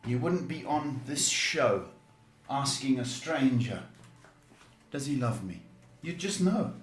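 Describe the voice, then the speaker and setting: A man's voice: medium pitch, animated, takes it slowly, roomy sound. A man hosting a live psychic advice show, answering questions bluntly with teasing jokes. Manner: blunt, teasing, jokes at his own expense. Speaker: psychic tarot host. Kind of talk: live-stream advice chat.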